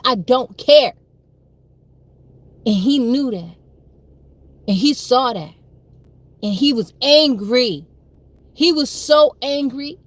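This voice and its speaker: A young woman telling a personal story on a livestream, emphatic and repetitive, with frequent swearing. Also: high-pitched. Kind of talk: livestream monologue.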